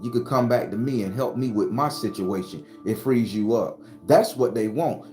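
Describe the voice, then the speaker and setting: Here his voice sits at medium pitch, darkish in tone, at normal speed. The host, a spiritual advisor, gives a forceful, cursing spiritual talk in a preacher's cadence, recorded with roomy echo and faint background music.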